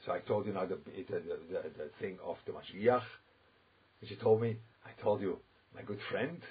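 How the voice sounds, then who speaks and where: Rabbi type, husky and lowish, emphatic and digressive, dull lo-fi recording. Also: male voice, normal speed. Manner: rambling, emphatic, full of asides and quoted voices. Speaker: rabbi giving a talk. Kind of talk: informal religious talk.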